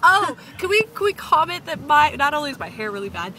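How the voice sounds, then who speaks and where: A woman's voice: high voice, sing-song, a little fast. A woman chatting casually and giggling as she films a travel vlog outdoors and in transit. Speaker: vlogger. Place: outdoors and in transit, plane, car, boat. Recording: loud wind and engine noise.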